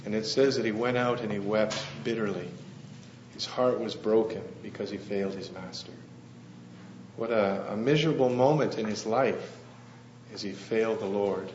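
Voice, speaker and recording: A man preaching a sermon in a church hall, telling the story gently and asking the congregation questions. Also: lowish voice, normal speed. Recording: echoey, slightly dull room with faint hum.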